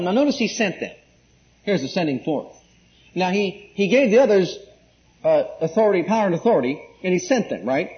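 Male preacher, emphatic sermon, quizzing the congregation, muffled lo-fi sound. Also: sits high. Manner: emphatic, call-and-response questions to the congregation. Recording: muffled lo-fi recording.

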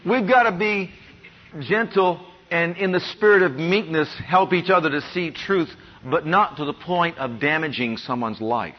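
Pastor, male, higher-pitched, steady sermon delivery, muffled lo-fi recording. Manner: preacher reading scripture slowly, then telling stories with quoted voices.

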